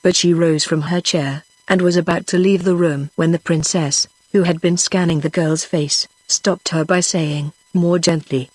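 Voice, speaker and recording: A synthetic woman's voice with a British English accent, narrating an audiobook in an even, steady way. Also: lowish voice, normal speed, few pauses, no echo. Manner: even, evenly paced synthetic reading. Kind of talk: text-to-speech audiobook narration.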